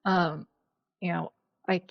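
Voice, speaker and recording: Reflective young woman, gravelly, lo-fi. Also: on the low side, level tone, takes it slowly, dry recording. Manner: reflective, hesitant, many fillers and soft laughs. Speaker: podcast guest, writer. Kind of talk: casual conversation. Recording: dull lo-fi dry sound.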